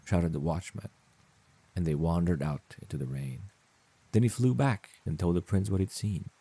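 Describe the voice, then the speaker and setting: A man narrating a children's audiobook in a calm, measured storytelling manner. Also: sits low, husky, no echo.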